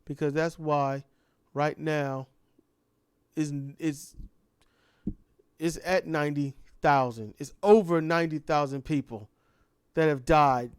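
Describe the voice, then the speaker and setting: A man's voice: a little high, fairly even intonation, takes it slowly, pauses often, clean tone, no room sound, clean studio sound. A man delivering an impassioned ranting monologue full of repeated rhetorical questions. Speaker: commentator.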